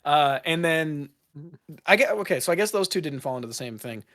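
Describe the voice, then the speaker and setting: A man hosting a laid-back podcast, his voice pitched a touch high for a man. He rambles through his questions, stopping and restarting as he goes. The talk is loose and informal. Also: expressive, a little fast, fairly bright tone. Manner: rambling, self-correcting questions with frequent fillers. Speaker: podcast host. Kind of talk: casual chat.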